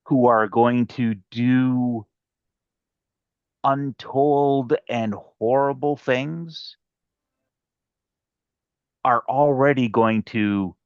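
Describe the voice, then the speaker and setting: A man voicing a poised noblewoman viceroy making her case in a debate, with a measured, deliberate delivery over a dull lo-fi mic. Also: mid-range voice, no echo.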